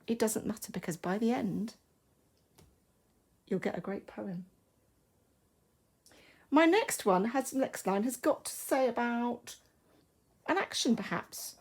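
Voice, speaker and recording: An English woman teaching a primary school class, thinking aloud slowly and carefully as she writes, in a recorded online lesson. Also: mid-range voice, a little mellow. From England. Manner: slow, careful, thinking aloud while writing.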